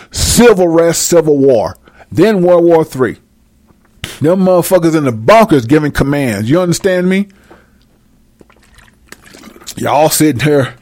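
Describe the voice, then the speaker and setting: A man's voice: fairly high pitch, lively intonation, a little slow, dry recording, studio quality. A man delivering a heated, profane monologue rant, speaking emphatically to his viewers.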